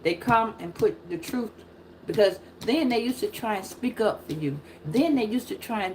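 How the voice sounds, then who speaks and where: A middle-aged woman giving a casual live-stream tarot reading, preachy and profane, with loud emphatic bursts. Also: medium pitch, normal speed, a little hiss or hum. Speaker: tarot reader.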